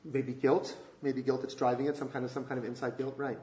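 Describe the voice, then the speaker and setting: A man leading a relationship workshop, asking the group rhetorical questions in an animated way. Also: medium pitch, a little fast. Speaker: workshop leader. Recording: echoey room, dull lo-fi sound.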